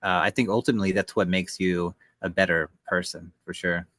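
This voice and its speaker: A man co-hosting a podcast, speaking hesitantly and reflectively with many pauses and fillers. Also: sits low, fairly even intonation, a bit bright, no room sound. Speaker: podcast co-host. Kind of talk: casual podcast chat.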